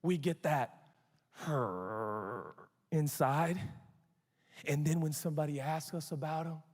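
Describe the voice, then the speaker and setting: A man in his forties preaches with animated, conversational humor. His voice sits high for a man. The sound rings out with a long reverb, as in a large church auditorium. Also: a little fast, husky. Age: 40s. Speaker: pastor. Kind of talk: sermon.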